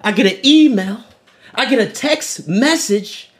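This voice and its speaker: With a high-pitched voice and a measured pace, a male podcast host tells an animated, profanity-laced story in casual chat, performing the voices of the people in it.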